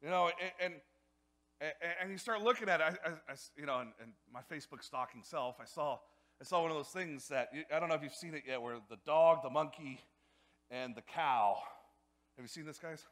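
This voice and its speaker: A male pastor preaching a sermon in a church, energetic and repetitive, often building to loud emphasis. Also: a little high, brisk.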